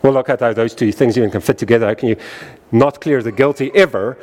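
A man preaching a sermon in an emphatic style, repeating phrases with wide rises and falls in pitch. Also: quick pace, a little mellow. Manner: emphatic, repetitive cadence with wide swings in pitch.

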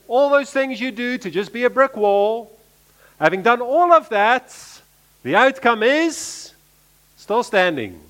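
A man preaching a sermon, repeating key phrases and swinging between emphatic lines and quiet asides. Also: very high voice, sing-song, slow.

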